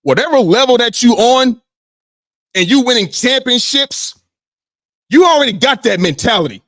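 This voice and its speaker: A man hosting a sports podcast in casual, animated talk, swearing freely and often checking in with "you know what I mean". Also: very high-pitched, normal speed, no echo, studio quality.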